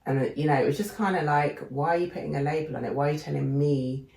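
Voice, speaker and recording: Brief: woman podcast co-host, very low gravelly voice, animated storyteller, roomy echo. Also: fast. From England. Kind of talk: casual chat.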